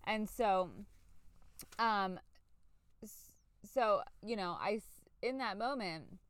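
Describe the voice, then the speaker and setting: Middle-aged woman podcast host, candid reflective monologue, smooth clear tone, dry close-miked sound. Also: medium pitch, slow, dry recording. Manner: candid, searching, with fillers and self-corrections.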